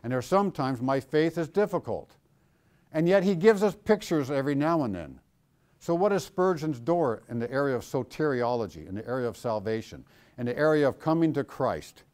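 A man teaching a Bible class, lively and engaging, often putting questions to his students. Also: mid-range voice, fairly quick. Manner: animated, asks the class questions.

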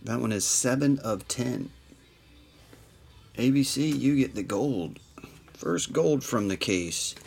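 A man's voice: medium pitch, gravelly, a little hiss or hum. A man hosting a live trading card break, reading out players and numbers with dry asides. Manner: unhurried, reads off card numbers with dry jokes.

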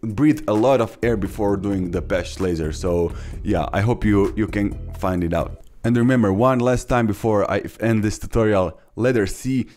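A young man hosting a casual beatbox tutorial, talking haltingly with many fillers and restarts. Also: on the low side, darkish tone, faint music behind. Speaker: beatbox tutorial channel host.

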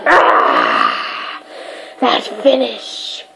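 A woman giving goofy, excitable commentary while playing a fighting game, yelping and crying out during the fights. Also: medium pitch, very slow, gravelly, crowd noise, poor audio. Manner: goofy, self-mocking. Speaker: gamer. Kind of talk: let's play commentary.

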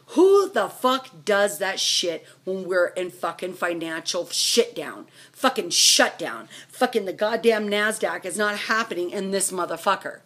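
A woman's voice: mid-range voice, very animated, unhurried, few pauses, a bit bright. A middle-aged woman ranting furiously and profanely at her husband, firing off angry questions. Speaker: vlogger. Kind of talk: angry rant to camera.

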